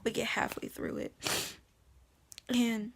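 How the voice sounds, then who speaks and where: A young woman vlogging, telling a personal testimony in an earnest, emotional way, repeating phrases and sometimes dropping to a hush. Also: on the high side, wildly swooping pitch, slow pace, vocal fry. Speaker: vlogger sharing her testimony. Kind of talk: personal storytelling.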